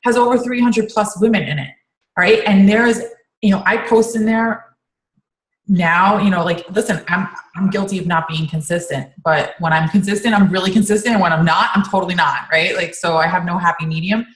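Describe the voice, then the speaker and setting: A woman's voice: on the low side, a little fast, roomy sound, low-quality recording. A woman coach on a team call, talking casually and rambling with many fillers and restarts.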